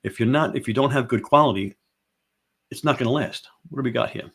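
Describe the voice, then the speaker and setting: A man's voice: mid-range voice, fairly quick, gravelly, fairly bright tone, slightly rough. A man hosting a casual talk show, giving emphatic advice and repeating rhetorical questions again and again. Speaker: show host.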